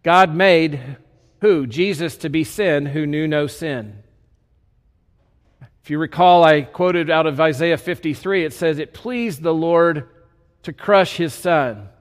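A pastor preaches with energy, mixing scripture reading with casual, joking asides. His man's voice sits fairly high. The sound carries the long reverb of a large church hall. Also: takes it slowly. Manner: animated, conversational preaching with folksy asides. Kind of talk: sermon.

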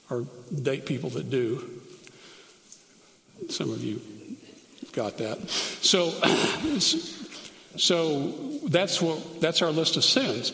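Man, Bible teacher, fairly high voice, roomy hall with long reverb. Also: fairly bright tone. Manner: reads scripture slowly and annotates grammar aloud.

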